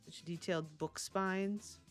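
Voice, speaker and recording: Low-voiced chatty woman streamer. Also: fairly even intonation, slow, faint music behind. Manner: chatty, laughs often, answers chat messages. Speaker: game streamer. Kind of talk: casual live-stream chat while playing.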